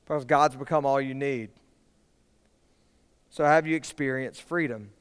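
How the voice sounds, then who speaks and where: A man's voice: medium pitch, unhurried, clear, resonant tone. A young man preaching to students, telling a personal story in a casual way full of "y'all" and "like". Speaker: youth pastor. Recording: hall reverb from a large room.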